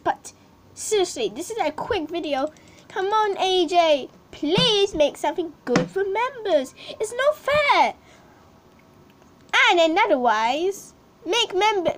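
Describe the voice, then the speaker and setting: Very high-pitched female game vlogger. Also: lively intonation, unhurried, slight background noise. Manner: pleading and complaining. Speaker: channel host. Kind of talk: casual gameplay commentary.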